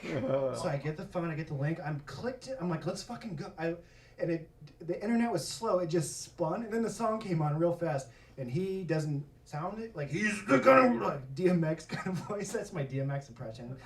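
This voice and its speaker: A man's voice: on the high side, expressive, normal speed. Man, stand-up comedian, self-deprecating, profane, roomy club, distant mic. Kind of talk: stand-up storytelling. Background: audience laughter.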